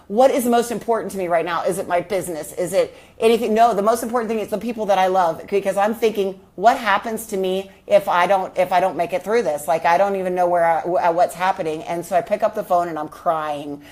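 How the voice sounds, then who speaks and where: An earnest woman speaks straight to her viewers, reflecting on a hard personal experience. She often stops to ask them questions. Her voice sits at an ordinary middle pitch. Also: a little mellow. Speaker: trauma healing coach. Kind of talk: personal storytelling vlog.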